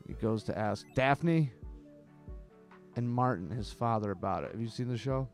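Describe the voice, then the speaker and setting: A man's voice: medium pitch, fairly quick, darkish tone, faint music behind. A man hosting a comedic show, rambling and sardonic, swearing often. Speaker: host. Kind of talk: casual comedic chat.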